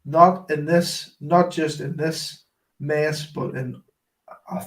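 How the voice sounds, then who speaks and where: A man on a casual livestream, speaking in a measured, moralizing way. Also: on the high side, steady tone. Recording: distant from the mic.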